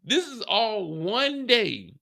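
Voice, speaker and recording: A man casually recapping a TV episode, animated and profane, acting out the characters' lines as he goes. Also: high voice, slow pace, creaky. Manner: animated, profane storytelling with acted-out quotes. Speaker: show recap host.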